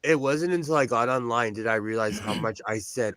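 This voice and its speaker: A man's voice: mid-range voice, a little fast, fairly bright tone, no room sound. A man hosting a casual chat, rambling and self-deprecating. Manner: rambling, self-deprecating, many fillers and restarts. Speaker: host. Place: home sewing room. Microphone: on-camera shotgun mic.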